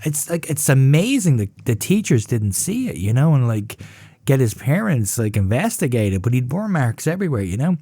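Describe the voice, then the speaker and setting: A man in his fifties telling a story in a casual, profane, animated way, often laughing. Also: medium pitch, moderate pace, husky, no echo. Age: 50s. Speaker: podcast host.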